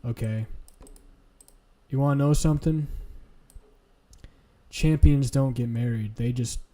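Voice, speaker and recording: A man's voice: mid-range voice, slow pace, warm tone. A man streaming, ranting casually in a profane, blunt, lecturing way.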